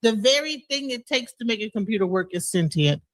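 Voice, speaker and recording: A woman's voice: a little high, lively intonation, fairly quick, no echo. Earnest woman joining a livestream chat. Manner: earnest, hesitant with fillers.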